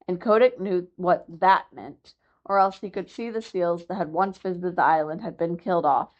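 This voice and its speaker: A woman's voice: on the low side, normal speed, lo-fi sound. Woman reading a children's classic. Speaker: library story reader. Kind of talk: audiobook narration.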